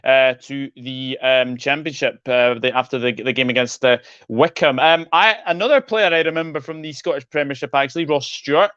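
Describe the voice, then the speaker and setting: A man hosts a relaxed football chat over a casual video call, reading out viewer comments. His medium-pitched voice is smooth, at normal speed with hardly any pauses, and the dry recording has dull lo-fi audio.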